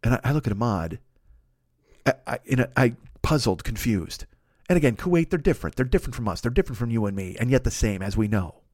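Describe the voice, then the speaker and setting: A man's voice: medium pitch, fast talker, no echo, studio quality. A man telling a long comic story, swearing freely and acting out every voice in the exchange. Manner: animated, swearing, acts out both sides of the dialogue. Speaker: podcast host.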